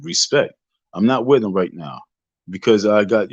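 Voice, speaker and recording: A man's voice: lowish voice, animated, moderate pace, gravelly, no echo. A man lectures his livestream chat in a preachy, emphatic way. He hammers the same points again and again and swears as he goes. His voice comes through dull and lo-fi, dry and close with no room sound. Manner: emphatic, preachy, repeats himself, profane. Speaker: livestream host. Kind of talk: casual livestream rant.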